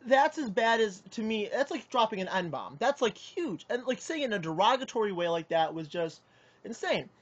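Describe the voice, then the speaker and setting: A man's voice: high-pitched, big pitch swings, normal speed. Indignant young man, muffled lo-fi audio. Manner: rambling, indignant retelling with many restarts. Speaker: card game player. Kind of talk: personal account to camera.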